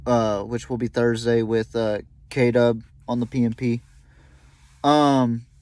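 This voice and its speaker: A young man hosting a podcast, talking haltingly with many fillers and restarts, openly emotional. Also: mid-range voice, a little mellow, clean tone, no echo. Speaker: podcast host. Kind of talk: solo tribute podcast talk.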